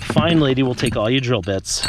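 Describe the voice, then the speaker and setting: A man's voice: medium pitch, expressive, moderate pace, heavy background noise. A man vlogging casually outdoors on a suburban street, chatting to viewers with joking asides. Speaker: trash-picking vlogger. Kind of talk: casual vlog talk to camera.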